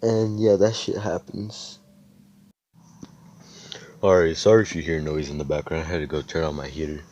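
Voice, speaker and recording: Young man, deep mellow voice, tired, loose profane improvised storytelling. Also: steady tone, moderate pace, lo-fi sound, slight background noise. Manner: rambling, profane, laid-back. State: tired, yawning. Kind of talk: casual improvised fan-fiction storytelling.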